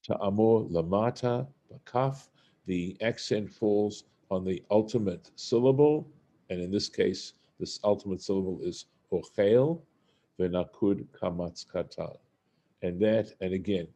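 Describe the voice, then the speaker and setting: A man teaching a Torah study lesson, reading Hebrew phrases and translating them one by one in an unhurried way. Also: on the low side, mellow, lo-fi sound.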